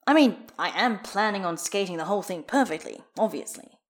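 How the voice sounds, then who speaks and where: An easygoing, wry man who teases and grumbles good-naturedly, as a woman reads him in a fan audiobook. His lines sit a little above her narrating voice and move lively. He sounds relaxed. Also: mid-range voice, a little fast, natural voice. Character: wry, easygoing male figure skater.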